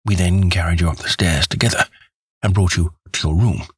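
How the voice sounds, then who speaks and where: Brief: male narrator doing a cool analytical detective, deep and husky, calm and teasing. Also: brisk, no room sound, full character voice. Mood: dry composure. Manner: calm, clinical, faintly teasing.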